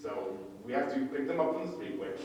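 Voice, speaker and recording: A man's voice: mid-range voice, lively intonation, fairly quick, darkish tone, slight background noise. A young man telling a story on a convention panel, rambling and restarting often. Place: large convention panel room. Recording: echoey hall, far from the mic, dull sound.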